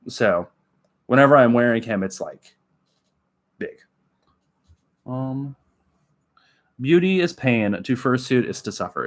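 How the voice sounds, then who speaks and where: A man from Oklahoma hosts a relaxed livestream, chatting loosely with his viewers. He rambles and giggles, restarting sentences and filling gaps with filler words, in an everyday mid-range voice. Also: mid-range voice. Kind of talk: casual chat with live viewers.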